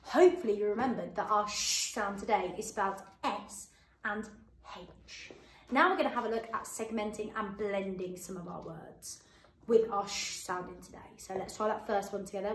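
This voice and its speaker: A woman teaching phonics to young children, sounding out each letter slowly and clearly with encouraging praise. Her voice sits at a middling pitch. The room around her gives a noticeable echo. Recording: roomy echo.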